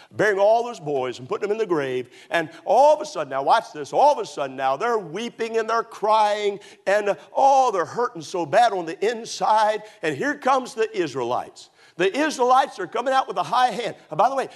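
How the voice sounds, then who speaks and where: Pastor guy preaching, animated storytelling, voice jumps all over, lets out high whoops. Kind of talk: sermon. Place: church auditorium.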